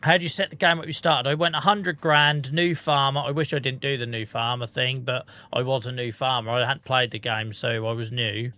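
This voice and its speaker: Speaking a little fast with few pauses, this man has a medium-pitched, steady voice that sounds bright and forceful. He hosts a gaming livestream, chatting casually with viewers, reading their comments and making fun of himself.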